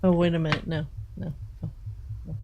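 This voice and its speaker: A woman's voice: sits low, flat delivery, moderate pace, creaky, a little mellow, a little hiss or hum, low-quality recording. A woman co-hosting a crafting livestream in casual, teasing chat, laughing often and bossing her partner around in fun. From not from New York.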